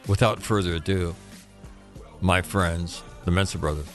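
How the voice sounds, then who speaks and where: A man's voice: low voice, steady tone, a little slow, pauses often, soft background music. A man hosting a podcast, talking in a blunt, profane, bantering way. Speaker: podcast host. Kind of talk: casual podcast chat.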